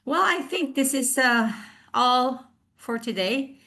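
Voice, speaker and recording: A woman giving a recorded presentation over a video call. She speaks with many fillers and restarts, and she slowly sounds out example pronunciations. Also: high-pitched, animated, bright, forceful tone. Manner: hesitant, with frequent fillers and restarts.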